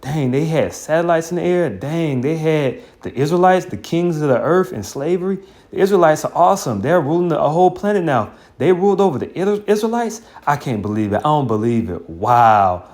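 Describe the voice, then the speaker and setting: A man's voice: lowish voice, animated, normal speed, few pauses, close to an everyday voice. A man voicing an astonished onlooker who gawks in disbelief at fallen rulers, exclaiming in a raised voice. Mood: incredulous. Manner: incredulous, exclaiming.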